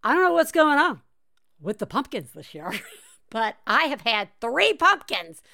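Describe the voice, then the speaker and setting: A woman from the American South hosts a podcast in loose, chatty talk. She laughs easily and strings thoughts together with fillers. Her voice sits a little high. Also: big pitch swings, unhurried, creaky, bright, forceful tone. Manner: chatty, laughs often, filler-heavy storytelling. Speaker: podcast host. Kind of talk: casual chat.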